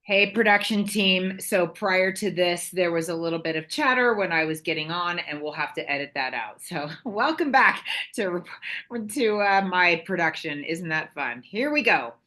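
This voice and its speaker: A woman's voice: lowish voice, animated, moderate pace, sharp tone. A woman hosting a podcast over a remote call, bubbly and playful, with a jokey, chatty way of talking. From California. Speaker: podcast host. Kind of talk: casual podcast chat.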